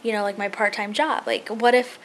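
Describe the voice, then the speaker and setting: A young woman chatting casually to a handheld camera at home, telling an animated story for her family vlog. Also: medium pitch, brisk, slight background noise. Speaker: family vlogger. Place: house being painted, indoors.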